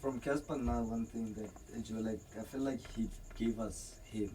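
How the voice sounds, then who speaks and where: A man's voice: lowish voice, steady tone, moderate pace, far from the mic, background noise. A tired man co-hosting a casual podcast, laid-back and often trailing off. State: tired, yawning. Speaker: podcast co-host. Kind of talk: casual chat.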